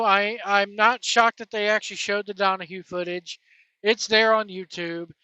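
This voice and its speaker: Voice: mid-range voice, bright, forceful tone, dry recording, lo-fi sound. A podcast host giving a casual, opinionated and exasperated review of a wrestling documentary, rambling from point to point.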